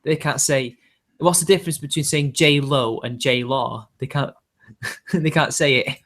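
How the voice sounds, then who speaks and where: A man's voice: medium pitch, steady tone, unhurried, fairly bright tone. A man hosting a casual online chat, joking around and slipping into mock regional accents. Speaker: show host.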